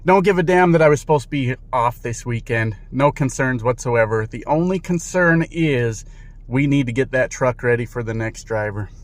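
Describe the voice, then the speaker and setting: A man vlogging from inside a car while driving, talking casually and candidly, rambling with fillers, swearing now and then, and sometimes getting loud. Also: medium pitch, normal speed. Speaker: truck driver vlogger. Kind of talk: casual vlog monologue. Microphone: camera in car. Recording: loud road and car noise. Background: car and traffic noise.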